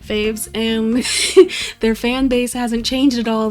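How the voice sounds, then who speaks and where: A woman's voice: fairly high pitch, flat delivery, slow pace, darkish tone, soft background music. A woman in her twenties chatting casually to stream viewers, rambling, swearing freely and mocking herself with frequent laughs. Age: 20s. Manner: rambling, profane and self-mocking, often laughing.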